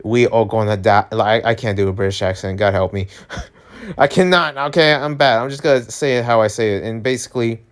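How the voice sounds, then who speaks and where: A man's voice: medium pitch, lively intonation, fairly quick, fairly bright tone, clean tone. A young man talking casually in a rambling, filler-heavy vlog monologue. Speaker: vlogger.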